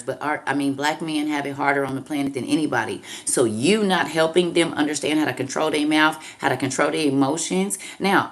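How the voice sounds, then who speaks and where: A woman in her fifties hosting a casual livestream, reading out comments and preaching firm advice with emphatic repetition. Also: low voice. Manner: emphatic, preachy, repeats "I'm trying to tell you".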